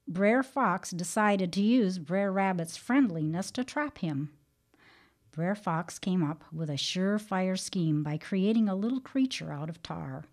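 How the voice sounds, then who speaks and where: A woman hosting a Christian teaching program, reading an earnest devotional talk and telling a story in a measured way. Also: lowish voice, a little mellow.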